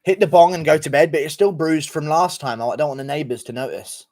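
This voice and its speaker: A man's voice: fairly high pitch, fairly quick, darkish tone. Profane young male streamer reading chat. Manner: profane, rambling, reacts to chat. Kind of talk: casual livestream chat reading.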